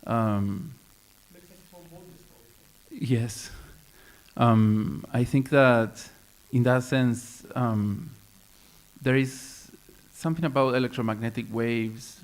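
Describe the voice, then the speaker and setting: A man's voice: medium pitch, fairly even intonation, extremely slow. A man speaking on a panel at a round-table discussion, thoughtful and hesitant, with many fillers and restarts.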